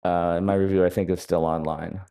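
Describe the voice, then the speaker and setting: A man's voice: low-pitched, little pitch movement, fairly quick, creaky, dark tone, smooth. A man, an author speaking in a live onstage interview, telling wry, rambling anecdotes with frequent hesitations. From United States. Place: festival stage before an audience.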